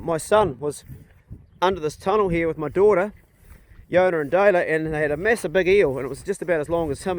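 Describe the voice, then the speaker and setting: A middle-aged man from New Zealand chatting casually outdoors on his farm, folksy and rambling, talking to his dogs. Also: a little high. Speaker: vlogger and hunter. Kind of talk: casual outdoor vlog chat.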